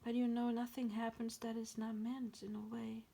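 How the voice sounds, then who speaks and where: A woman voicing the spirit of a departed spouse, speaking softly, tenderly and consolingly in a channeled message. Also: a little high, flat delivery, moderate pace, creaky.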